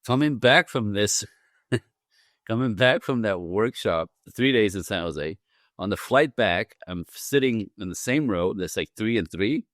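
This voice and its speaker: A man with a low voice tells a personal story as a podcast guest, acting out every quoted line and laughing along the way. He is a relationship coach, lively and expressive. The sound is dry and close, with no room around it. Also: unhurried, no room sound. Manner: animated storyteller, acts out quotes with big pitch jumps, laughs often. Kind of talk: storytelling in a casual interview.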